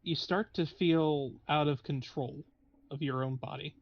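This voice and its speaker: A man's voice: fairly high pitch, steady tone, measured pace, highs cut off. A man narrating as game master of a tabletop game in a meandering, hesitant way. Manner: meandering, hesitant, frequent restarts.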